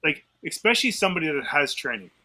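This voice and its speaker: A man's voice: fairly high pitch, sing-song, fast talker, pushed and bright, rough recording. A man co-hosting a podcast, talking through a self-defense case in a loose, thinking-aloud way with many fillers and restarts. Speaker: podcast co-host. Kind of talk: casual discussion.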